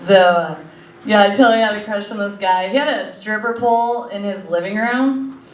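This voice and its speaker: A woman's voice: mid-range voice, normal speed. A young woman doing a stand-up set in a comedy club, rambling with lots of fillers. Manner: rambling, filler-heavy delivery. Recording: echoey club audio from a distance.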